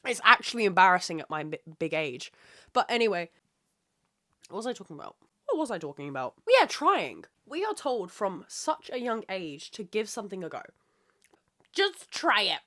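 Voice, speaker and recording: A woman's voice: medium pitch, very animated, moderate pace, bright, forceful tone. A woman hosting her own podcast, ranting with heavy swearing and rambling off track in a solo monologue. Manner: rambling, loses her train of thought. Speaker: podcast host.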